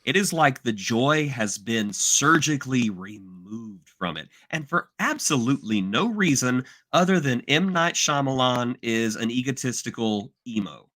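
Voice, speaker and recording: A man co-hosting a podcast in casual, animated chat, exaggerating and slipping into mock voices. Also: mid-range voice, a little slow, few pauses. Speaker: podcast co-host.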